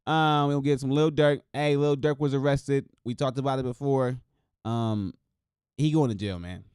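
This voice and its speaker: Man, from Wisconsin, solo show host, casual slangy chatter, excitable, middle pitch, dry close sound. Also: moderate pace, clear, resonant tone, no room sound. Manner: loose, excitable, slangy, talks to viewers as y'all.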